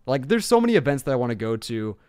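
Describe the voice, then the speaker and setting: A young man from Illinois chatting casually as he streams a game live on a boom-arm mic, excitable and shouting during fights. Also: quick pace, clean tone, dry recording, studio quality. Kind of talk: casual live gameplay commentary.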